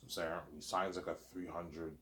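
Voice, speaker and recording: A man's voice: low-pitched, little pitch movement, moderate pace, fairly bright tone, slight background noise. A man rambling through a casual solo monologue, repetitive and profane, saying 'obviously' over and over.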